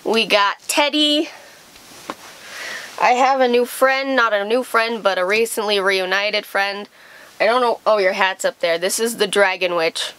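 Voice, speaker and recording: A woman's voice: medium pitch, measured pace, fairly bright tone, clean tone, no room sound. A woman giving casual reaction commentary, chatty and rambling, often breaking off mid-sentence. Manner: chatty, rambling, self-interrupting. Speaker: reaction video creator.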